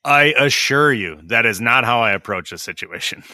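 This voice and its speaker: A man's voice: mid-range voice, animated, moderate pace, bright, forceful tone, dry recording, studio quality. A middle-aged man on a podcast, a licensed tradesman who rants bluntly, swears freely and acts out the exchanges he describes. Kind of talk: casual podcast chat.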